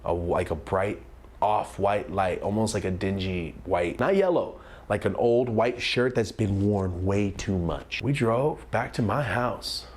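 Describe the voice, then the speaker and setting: A young man telling a comedic story time, animated and acting out the voices of the people in it. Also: on the low side, unhurried. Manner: animated, acts out quoted voices.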